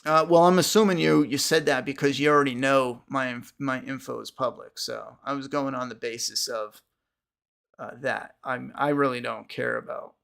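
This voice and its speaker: Man, podcast host, casual livestream chat, rambling, restarts, swears casually, gravelly voice. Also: mid-range voice, fairly even intonation, moderate pace, fairly bright tone.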